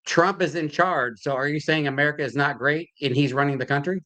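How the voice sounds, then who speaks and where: A man's voice: on the high side, brisk, pushed and bright. A man hosting a heated online debate, confrontational and cutting in. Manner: confrontational, interrupting.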